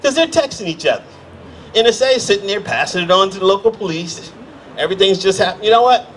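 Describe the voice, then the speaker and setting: A middle-aged American man performing stand-up on a comedy stage. His voice sits high for a man, and he tells stories with quick character voices woven in. A faint room noise hums underneath. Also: animated, fairly bright tone. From United States.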